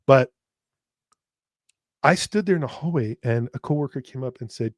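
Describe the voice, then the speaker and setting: A man talks through a personal podcast monologue in a mid-range voice, earnest and halting, often restarting and repeating words before pushing on. His speech is blunt and plain, with casual swearing. The sound is dry, with no room echo around it. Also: medium pitch. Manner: earnest, speaking straight to listeners. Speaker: podcast host.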